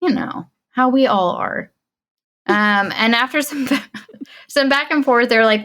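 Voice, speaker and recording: A woman's voice: medium pitch, moderate pace. A woman co-hosting a podcast, casually recapping a film and acting out the characters' lines with lots of laughter. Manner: animated storyteller, acts out quoted lines; laughs often. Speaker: podcast co-host.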